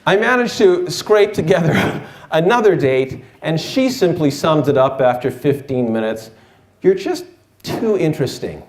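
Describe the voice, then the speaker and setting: A man's voice: a little high, animated, moderate pace, hardly any pauses. Wry man telling a story in an echoey room. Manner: wry, self-deprecating delivery. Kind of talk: live personal storytelling.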